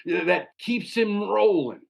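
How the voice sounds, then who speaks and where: A man hosting a podcast, telling a story in an animated, casual way and often tacking "man" onto his sentences. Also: high-pitched, slow, gravelly. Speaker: podcast host.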